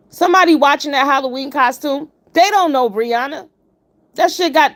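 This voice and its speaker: A woman hosting a live stream, giving blunt, emphatic and profane commentary while greeting her viewers. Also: fairly high pitch. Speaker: livestream commentator.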